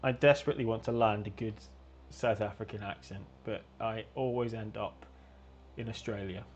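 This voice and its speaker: A man guest in a casual chat on a video call, talking in a halting, self-deprecating way and restarting his sentences. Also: on the low side, steady tone, a little hiss or hum. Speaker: guest, game designer and game master.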